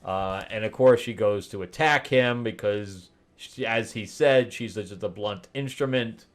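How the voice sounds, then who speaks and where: A man's voice: on the low side, measured pace. A man hosting a comic review, casually recapping a story in a rambling way with asides. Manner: rambling retelling with laughs and asides.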